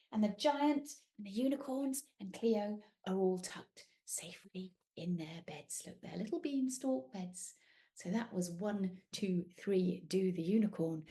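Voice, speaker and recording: A British woman reading a picture book aloud to young children, animated and sing-song, asking them questions and inviting them to join in. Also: mid-range voice.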